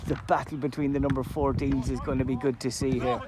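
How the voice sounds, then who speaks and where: Aussie bloke calling a local footy game outdoors, chatty play-by-play, bit of traffic noise behind him. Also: male voice, mid-range voice, level tone, fast. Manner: chatty play-by-play, erupts loudly at goals and chances. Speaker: amateur football commentator. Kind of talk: live match commentary. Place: outdoors at a sports ground.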